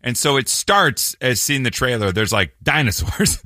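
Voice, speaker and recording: A man's voice: mid-range voice, big pitch swings, bright, forceful tone, no room sound, clean studio sound. A man hosting a casual radio chat, bantering playfully and explaining things loosely. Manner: quick banter, playful asides.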